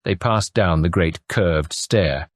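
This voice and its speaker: A man narrating a classic detective audiobook in measured storytelling. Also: sits low, no echo, studio quality. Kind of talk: scripted narration.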